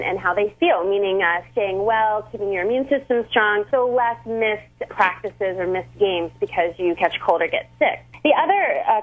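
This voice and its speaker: A woman dietitian calling into a radio show, explaining her advice with frequent ums. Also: mid-range voice. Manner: informative, many ums. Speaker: dietitian guest by phone. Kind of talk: radio phone interview. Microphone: telephone. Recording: tinny phone line.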